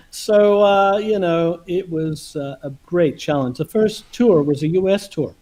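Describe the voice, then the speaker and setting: A man's voice: high voice, takes it slowly. A man hosting a livestream over a video call, telling stories casually with lots of laughter and acted-out quotes. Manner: animated, laughing, acts out quotes. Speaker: host.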